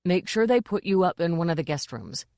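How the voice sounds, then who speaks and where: A woman voicing a gentle, polite male king who was once a jester. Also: lowish voice, sing-song, brisk, no room sound, clean studio sound. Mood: fretful. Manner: soft, polite, fretful.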